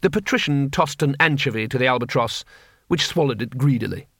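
In clean, dry studio sound, a medium-pitched male narrator reads scripted audiobook narration. His storytelling stays measured and even throughout.

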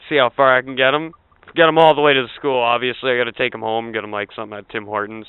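A man on a podcast joking crudely in casual banter, often shouting out voices as he acts out bits. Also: mid-range voice, steady tone, racing, smooth, no room sound. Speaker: podcast host. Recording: phone-like narrow sound, dry.

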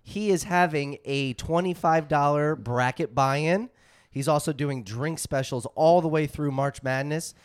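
Male podcast co-host, higher voice, peppy ad reader, dry mic. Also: unhurried, clear, resonant tone, dry recording. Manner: upbeat, reads ads with a pitchman push. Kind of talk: casual chat.

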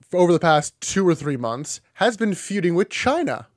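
A man's voice: high voice, sing-song, moderate pace, no echo. Sardonic man recapping a wrestling show. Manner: recaps play-by-play, dry and sardonic. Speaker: podcast co-host. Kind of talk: casual wrestling recap chat.

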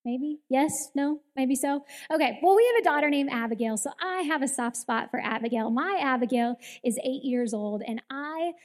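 A woman in her thirties giving a Mother's Day church talk, telling a story in an animated way and acting out the quoted lines. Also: high voice, moderate pace, hardly any pauses. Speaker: women's ministry speaker. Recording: long hall reverb.

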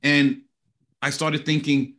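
A middle-aged man appears as a guest in a conversational interview, sharing a personal testimony earnestly and with animation. His pitch is fairly high and his pace slow.

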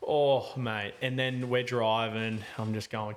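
A man's voice: lowish voice, flat delivery, normal speed, slight background noise. A man, a podcast host telling a travel story in casual, rambling chat full of slang and fillers.

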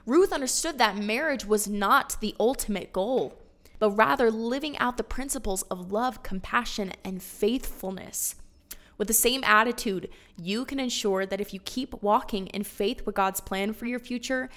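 A bubbly woman walks through a Bible story as a casual lesson, chatty and quick with laughing asides. Her voice is bright and crisp. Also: mid-range voice. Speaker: Bible teacher.

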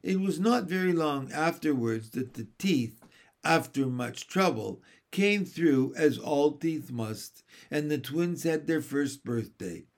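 A man reads a children's story aloud at an unhurried, measured pace. His voice sits a little high and stays gentle throughout. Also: lively intonation. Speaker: reader. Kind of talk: storybook narration.

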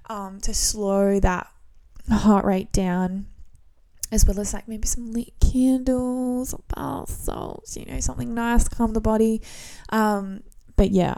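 A woman in her twenties hosting a solo podcast, talking casually in a relaxed, rambling way with frequent ums and restarts. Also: mid-range voice. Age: 20s. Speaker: podcast host.

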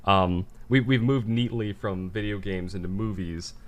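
A man's voice: on the low side, normal speed. A young man co-hosting a casual chat, talking in stumbling restarts and swearing freely.

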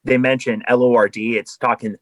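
A man's voice: mid-range voice, flat delivery, brisk, dry recording, poor audio. A man, a podcast guest, talking in an earnest, explanatory way in casual conversation.

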